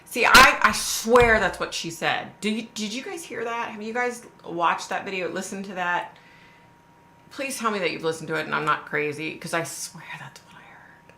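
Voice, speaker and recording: A woman's voice: mid-range voice, normal speed, sharp tone. Blunt, swearing woman live-streaming. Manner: blunt, swears freely, repeats questions for emphasis. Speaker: livestream host. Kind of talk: casual live chat reading viewer comments. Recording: echoey room with faint background noise.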